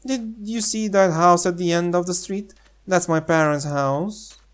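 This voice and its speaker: A man's voice: high voice, measured pace, clear, resonant tone, voice pushed up. A man voicing a friendly young girl neighbor in a game, reading her lines in a raised, girlish voice. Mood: chatty. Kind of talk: reading game dialogue aloud.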